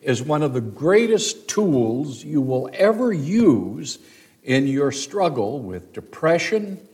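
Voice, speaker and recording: Slow, deliberate male Bible teacher. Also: fairly high pitch, big pitch swings, darkish tone. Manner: slow, deliberate teaching with dramatic emphasis on scripture readings. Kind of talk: sermon.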